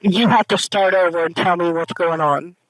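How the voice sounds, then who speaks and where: Calm woman dispatcher on an emergency line. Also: fairly low pitch, moderate pace, no room sound, rough recording. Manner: calm, firm, questioning step by step. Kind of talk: emergency call handling.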